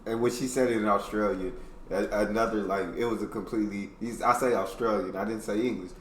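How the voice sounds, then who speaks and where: A man from the United States hosting a reaction video in a laid-back, slangy chat, laughing loudly. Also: fairly low pitch, fairly even intonation, a little fast, roomy sound, recorded from a distance, slight background noise. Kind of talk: casual chat.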